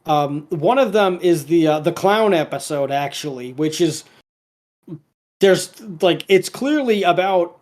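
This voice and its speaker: A man with a somewhat high voice co-hosts a casual podcast. He retells a cartoon episode in a loose, rambling way, restarting often and filling gaps with "like" and "um." Now and then he quotes the characters in a lightly acted tone. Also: animated, unhurried, a little mellow. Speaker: podcast co-host.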